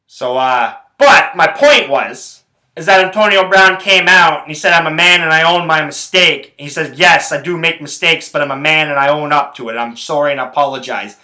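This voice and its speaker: A man's voice: on the high side, bright, forceful tone, echoey room, poor audio. A man hosting his own podcast, ranting about sports in a rambling, profane, heated way. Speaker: podcast host. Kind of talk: casual sports rant.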